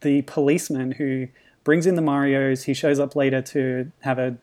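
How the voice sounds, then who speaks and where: A man in easy podcast conversation, sharing movie trivia in a relaxed, chatty way. His pitch sits in the ordinary middle, and a small chuckle slips in between points. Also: normal speed. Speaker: podcast co-host. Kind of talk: casual chat.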